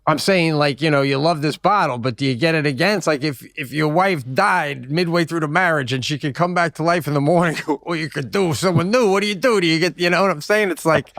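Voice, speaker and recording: A man co-hosting a comedy radio call-in show, excitable and loose, laughing and swearing as he banters. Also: on the high side, fairly quick, few pauses, no echo. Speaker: co-host.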